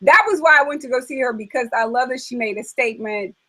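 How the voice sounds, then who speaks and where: A woman's voice: high-pitched, fast, rough recording. Chatty woman hosting a casual talk. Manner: chatty, animated, many fillers. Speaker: host. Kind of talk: casual chat.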